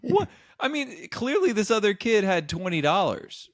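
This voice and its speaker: A man's voice: high-pitched, very animated, moderate pace, dry recording, studio quality. A man co-hosting a comedy podcast in casual chat, teasing his co-host with jokey asides and frequent laughs.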